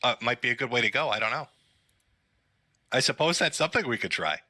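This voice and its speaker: A man streaming live with a bright, cutting edge to his voice, his delivery swinging up and down a lot. He mocks and jokes sarcastically, laughs often and swears freely. The sound is close and dry. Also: medium pitch, animated, fast, no room sound. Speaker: streamer host. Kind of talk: mocking live-stream commentary.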